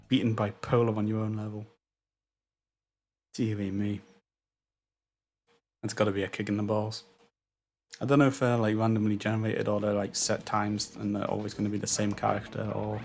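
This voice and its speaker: A man's voice: medium pitch, a little mellow. A man giving casual, self-deprecating commentary while playing a racing game, swearing and laughing at his own mistakes. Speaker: gaming YouTuber.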